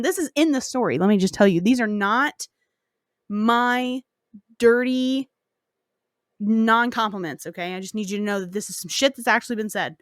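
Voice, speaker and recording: A woman's voice: mid-range voice, animated, normal speed, no room sound, studio quality. A woman podcast host casually retelling a folk tale, cursing and joking as she goes. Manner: profane, slangy and joking.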